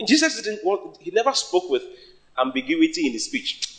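A man preaching a sermon in English, which is not his first language; he is emphatic and his voice jumps up in sudden high bursts. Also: big pitch swings, normal speed, fairly bright tone. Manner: sings a hymn line at the start.

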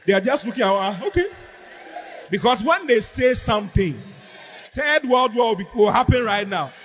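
A man preaching a sermon as pastor, humorous and animated, drawing responses from the congregation. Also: extremely high pitch, brisk, a crowd in the background. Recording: echoey hall, faint background noise.

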